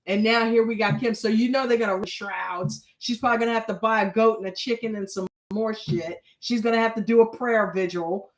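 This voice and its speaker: A woman's voice: on the high side, steady tone, a little fast, few pauses, reverberant, poor audio. A woman hosting a casual reality TV recap, blunt and chatty, swearing freely. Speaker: reaction show host.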